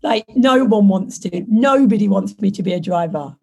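Croaky, gravelly woman guest. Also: mid-range voice, lively intonation, moderate pace, dark tone. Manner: blunt and emphatic, laughing often. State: hoarse, croaky from illness. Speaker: podcast guest. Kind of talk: casual interview chat.

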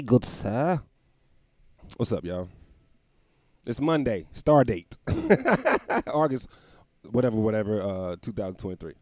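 A man hosts his own podcast, rambling through a casual comic monologue and laughing at his own jokes from a room at home near the windows. His voice is lowish and dark in tone, with no echo.

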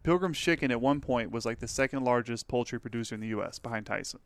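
A man's voice: fast talker, no echo. A young man from Texas with a faded Texan accent, telling stories in casual podcast chat. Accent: Texan, mostly faded. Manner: storytelling with lively pitch. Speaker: podcast co-host.

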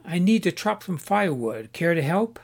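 Calm kindly father, middle-aged man, plain-spoken, storybook reading, voiced by a man. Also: high-pitched, normal speed, gravelly, heavily acted.

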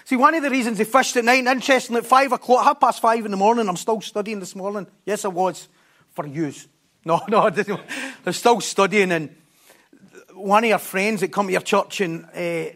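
Preacher guy, kinda high voice, jokey and chatty, goes quiet then loud. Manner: lively, jokey asides, swings from hushed to loud. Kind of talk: sermon.

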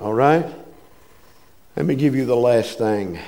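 A man's voice: medium pitch, a little slow, creaky, mellow, long reverb tail. A man preaching a sermon as pastor, folksy and emphatic, often calling out to his congregation.

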